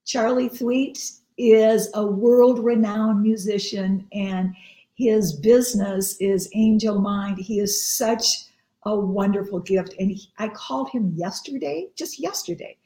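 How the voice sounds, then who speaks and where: A woman minister hosting a show tells a heartfelt personal story slowly, in a tender and earnest tone. Her voice sits at an ordinary pitch. There is a roomy echo around her. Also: fairly even intonation, warm tone.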